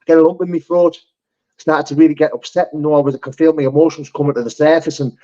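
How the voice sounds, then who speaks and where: A man rattles along at a quick clip, hosting a live chat. He is heartfelt and sweary and often restarts his sentences. The stream audio is dull and lo-fi. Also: a little high, fairly even intonation, dark tone.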